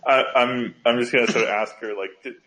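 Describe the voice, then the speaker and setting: A man's voice: medium pitch, steady tone, a little fast, fairly bright tone, low-quality recording. A man playing a tabletop game, hesitant and stammering. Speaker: player. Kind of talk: casual tabletop play.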